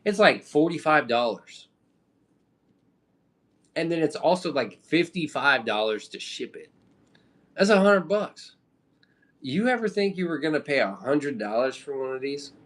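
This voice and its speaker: A man's voice: mid-range voice, expressive, normal speed, fairly bright tone. A man from the Midwest chatting casually on a live stream, rambling with loose slang and casual swearing. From American Midwest.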